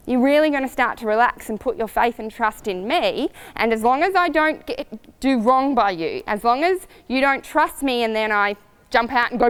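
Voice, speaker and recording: A woman riding coach giving upbeat, lively advice to riders in a coaching video. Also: on the high side, normal speed, smooth. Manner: lively and upbeat, acts out voices, laughs easily.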